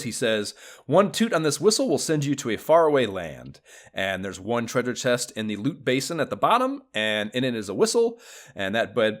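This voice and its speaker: A man co-hosting a podcast, chatting casually about retro video games, excitable, swearing freely and laughing often. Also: on the low side. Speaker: podcast co-host.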